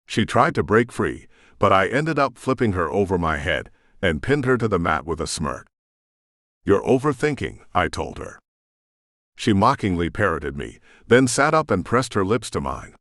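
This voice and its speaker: Deep guy reading a romance book, lots of pitch movement, dry close sound. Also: big pitch swings, moderate pace, fairly bright tone, no echo. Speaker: audiobook narrator. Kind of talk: first-person audiobook narration.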